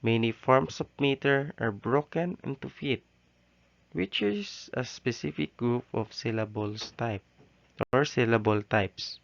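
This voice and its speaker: A male teacher giving a recorded lesson, halting often with "okay" and "so". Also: medium pitch, gravelly, a little hiss or hum. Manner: slow, halting delivery with frequent "okay" and "so". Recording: dull, lo-fi recording.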